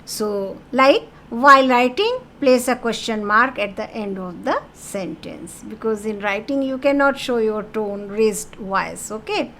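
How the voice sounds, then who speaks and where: A woman teaching a French grammar lesson, speaking very slowly and patiently in a slightly high voice. She repeats key terms and drops French phrases into her English explanations. A faint ambient hum sits under her voice. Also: animated, a bit bright.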